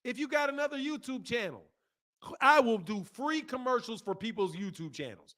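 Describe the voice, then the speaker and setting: A man's voice: extremely high pitch, expressive, moderate pace, a bit bright. A man from the Midwest hosting a boxing live stream, chatting loosely and joking while he reads chat comments aloud. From American Midwest. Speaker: boxing channel host.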